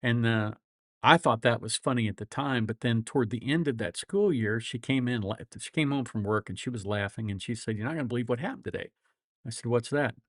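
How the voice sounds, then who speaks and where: A middle-aged man with a flat Midwestern accent, a lawyer hosting a casual livestream, rambling through folksy stories and chuckling often. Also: medium pitch, brisk, dry recording, studio quality. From grew up all over the world.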